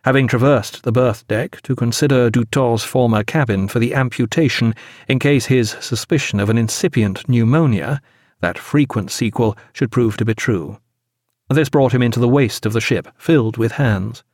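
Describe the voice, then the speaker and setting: A man narrating a sea novel as an audiobook, expressive and measured. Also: medium pitch, dry recording, clean studio sound.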